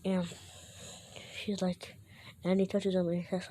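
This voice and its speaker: A woman retells a fan story in a loose, rambling way, often stopping to correct herself. Her voice is mellow and a little low. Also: flat delivery, a little slow.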